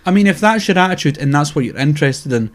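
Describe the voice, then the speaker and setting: A man in relaxed podcast banter. His voice sits a touch high, and he talks with lively energy, dropping swear words and the odd laugh as he argues a point. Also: fast talker, crowd noise. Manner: animated, swears often, laughs. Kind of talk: casual chat.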